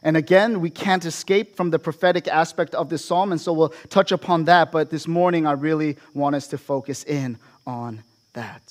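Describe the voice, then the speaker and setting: A man with a notably high voice delivering a sermon from the pulpit. He explains the text as he goes, regularly tossing a "right?" to the congregation. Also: normal speed. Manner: expository preaching with frequent "right?" asides to the congregation. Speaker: pastor.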